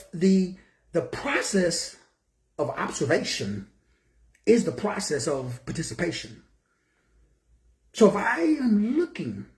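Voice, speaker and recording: An older man from Texas delivers a motivational talk in his office, asking rhetorical question after rhetorical question and calling out viewers by name. His voice sits fairly high for a man. The room is echoey around him. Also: darkish tone. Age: 60s. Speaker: motivational speaker.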